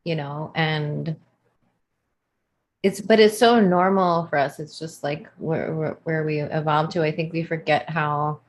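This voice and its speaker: A woman's voice: sits low, steady tone, unhurried. A woman co-hosting a live online show, explaining ideas in an earnest, thoughtful way. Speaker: co-host. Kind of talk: casual livestream chat.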